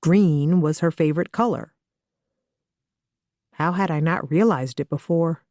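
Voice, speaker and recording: Female audiobook narrator: first-person thriller, steady storytelling tone, dry booth sound. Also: sits low, measured pace, dry recording.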